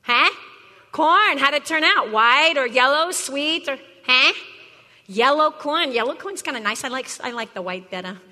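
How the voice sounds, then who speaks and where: A woman's voice: sits high, animated, moderate pace, bright, forceful tone, in a large hall, heavily acted. An actress playing a pushy, brash botany teacher who teases her class in a comedy sketch. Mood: brassy. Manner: brassy, teasing, talks straight at a class. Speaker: comic actor playing a teacher.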